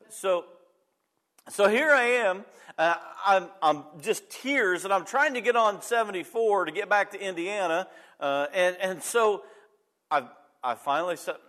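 A pastor telling a personal story in a sermon, conversational and talking straight to the congregation. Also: male voice, high-pitched, fairly bright tone.

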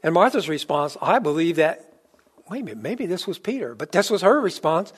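A man preaching with a fairly high voice. He talks to the congregation in a conversational way, builds to loud, emphatic points, then sinks to a quiet, low delivery. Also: sing-song, brisk, husky. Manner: rising to emphatic peaks, then dropping low and soft; conversational, with fillers and restarts. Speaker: pastor. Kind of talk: sermon.

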